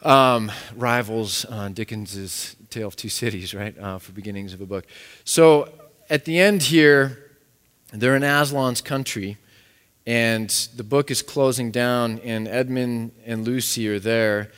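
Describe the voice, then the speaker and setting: A man's voice: mid-range voice, unhurried, a bit bright, clear, resonant tone. A man preaching a sermon in an earnest, searching way, often restarting his phrases. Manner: earnest, repeats words as he restarts. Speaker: pastor. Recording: echoey hall.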